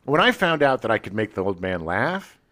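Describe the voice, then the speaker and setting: A man's voice: on the low side, very animated, fairly quick, a bit bright. A man in middle age co-hosting a casual podcast chat, playful and given to jokes. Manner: playful, breaks into exaggerated singing. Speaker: podcast co-host.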